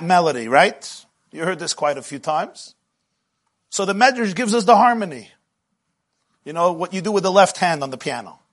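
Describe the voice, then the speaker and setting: A male rabbi teaching a Torah class, speaking a flavor. His husky voice sits fairly high for a man and swings widely in pitch. He grows animated and at times rises to shouting as he tells the story. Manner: animated, rises to shouting when retelling the midrash. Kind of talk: lively Torah lecture.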